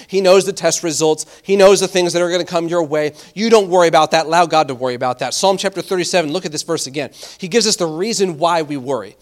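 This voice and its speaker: A man with a high-pitched voice delivers a sermon. His preaching is animated and conversational, with frequent repeated words. He slows down deliberately when reading scripture aloud. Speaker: pastor.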